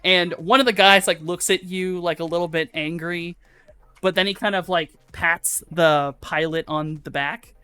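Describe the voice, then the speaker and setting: A woman running a tabletop game as game master, narrating the action in a loose, profane way with many pauses. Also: on the low side, steady tone, pushed and bright, smooth. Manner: loose and profane, halting with fillers.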